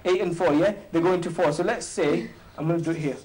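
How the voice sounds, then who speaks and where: A man hosting and teaching an informal maths lesson, quizzing a few students with quick questions and joking as he goes. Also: on the high side, a little mellow, slight background noise, poor audio. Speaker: maths teacher and show host.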